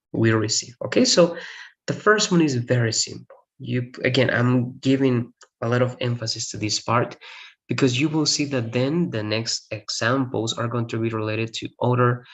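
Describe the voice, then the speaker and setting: A man's voice: mid-range voice, gravelly, fairly bright tone. A man whose first language is Spanish, teaching an English grammar lesson and explaining step by step, repeating key points and checking in with "all right?".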